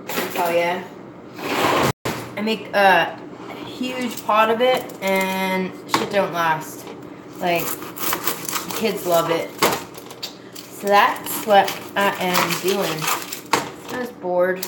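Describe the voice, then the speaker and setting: A woman's voice: medium pitch, extremely slow, pauses often. A woman from Scotia, chatting in a rambling, folksy, self-mocking way while she cooks in her home kitchen. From Nova Scotia, Canada. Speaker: cooking vlogger. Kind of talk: casual chat while cooking. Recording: echoey kitchen with cooking noise. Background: pots, dishes and kitchen clatter.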